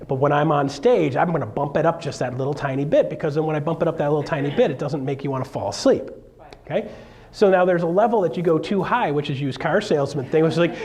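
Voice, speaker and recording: A man, a realtor, giving an energetic, joking seminar talk on stage to a live audience. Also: on the high side, fast talker. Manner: energetic, joking, with sudden loud bursts.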